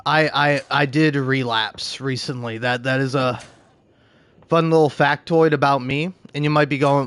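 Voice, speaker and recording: A man's voice: mid-range voice, fairly even intonation, a little slow, a bit bright, clear, resonant tone, no echo. A young man chatting casually on a gaming live stream, rambling and self-deprecating with lots of false starts. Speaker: gaming livestreamer.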